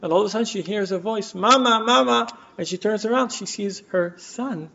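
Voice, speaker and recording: A quick-talking man with a high voice tells a story while teaching a class at a community center. He stumbles through many fillers and restarts and performs the quoted lines, all captured in a dull, lo-fi room recording.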